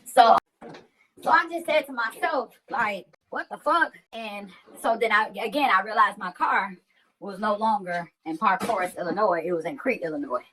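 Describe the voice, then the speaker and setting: A woman's voice: mid-range voice, moderate pace, fairly bright tone, a little hiss or hum, low-quality recording. A woman who hosts a livestream, telling a story in casual, profane, slang-heavy chat. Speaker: livestream host.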